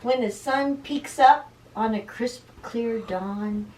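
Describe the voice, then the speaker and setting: A woman reading a picture book aloud to children as a teacher. She stops to explain words and sounds animated. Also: medium pitch, unhurried, few pauses. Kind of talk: read-aloud storytime. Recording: roomy room, distant mic.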